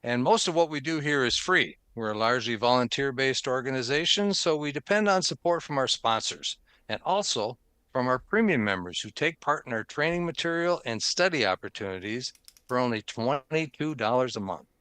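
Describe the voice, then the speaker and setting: A man's voice: mid-range voice, lively intonation, moderate pace, a bit bright, clear, resonant tone, no room sound. A man hosting a podcast, chatting casually and reading the show intro in an upbeat way, laughing often. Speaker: podcast host.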